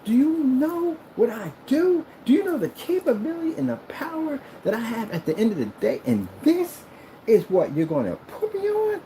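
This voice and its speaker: A man voicing an outraged, haughty talking projector that shouts in a shrill, indignant way. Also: huge pitch swings, normal speed, a little hiss or hum, exaggerated voice, rough recording.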